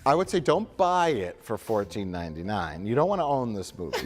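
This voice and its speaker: A man co-hosting a casual movie review chat. He talks with lively, wide swings of pitch and laughs often as he jokes. Faint music sits under the talk. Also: a little fast. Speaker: podcast co-host.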